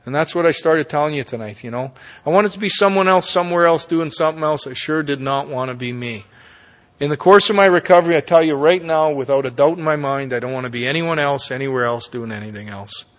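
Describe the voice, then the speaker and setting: A man's voice: on the high side, fast talker. Candid man in a reverberant hall. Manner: candid, profane, folksy with tag questions. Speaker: speaker at a recovery meeting. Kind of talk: personal recovery talk. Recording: long reverb of a meeting hall.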